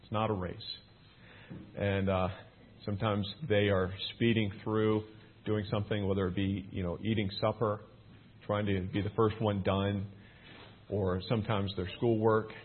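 A man's voice: lowish voice, little pitch movement, normal speed, slight background noise. A man preaching a plain, conversational sermon as pastor, building to emphatic points. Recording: thin phone-like sound.

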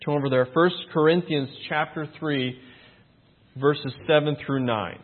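A man delivers a sermon in a husky, slightly raised voice, leaning into rhetorical questions and pressing his points home with earnest emphasis. The sound is thin and tinny, like it is coming down a phone line. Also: on the high side, fairly even intonation, a little slow. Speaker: preacher.

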